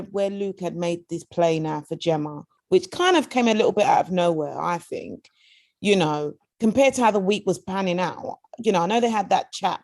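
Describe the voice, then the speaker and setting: A woman's voice: lowish voice, vocal fry, a little mellow, no room sound, studio quality. A British woman co-hosting a podcast, chatting frankly and casually, often repeating herself as she talks. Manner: frank, repeats words, lots of filler phrases. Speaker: podcast co-host. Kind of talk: casual chat.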